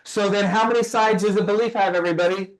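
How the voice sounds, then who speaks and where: High-voiced man coaching with emphatic questions. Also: steady tone, fast talker. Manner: emphatic, fires rhetorical questions at the audience; asks listeners to type answers in. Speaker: personal growth speaker. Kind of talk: motivational teaching session.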